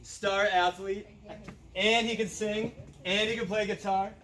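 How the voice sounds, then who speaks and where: A man giving a halting, rambling roast speech, swearing often. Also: sits high, fairly even intonation, fairly bright tone. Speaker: roast speaker. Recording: echoey room from far off with crowd.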